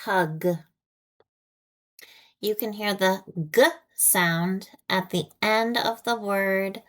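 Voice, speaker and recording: Very slow, deliberate American woman teacher. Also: medium pitch, steady tone, a bit bright. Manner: deliberate, repeats each word with long pauses. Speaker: ESL teacher. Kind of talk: slow, clearly enunciated phonics lesson.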